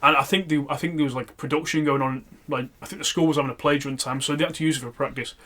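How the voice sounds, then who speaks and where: A young man, co-hosting a podcast and telling funny stories in a loose, animated way, laughing and acting out quotes. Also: fairly high pitch, rapid-fire. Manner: animated, laughing storyteller with loud acted-out quotes. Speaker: podcast co-host. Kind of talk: casual comedic storytelling.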